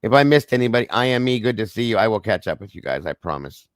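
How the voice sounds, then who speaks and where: Male stream host, low and dry, voice strained, reading reports with casual asides. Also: lively intonation, quick pace, no echo. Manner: conversational, addresses viewers as guys, frequent okays and apologies. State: voice strained, trying not to lose it. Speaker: true crime livestream host. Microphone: streaming microphone.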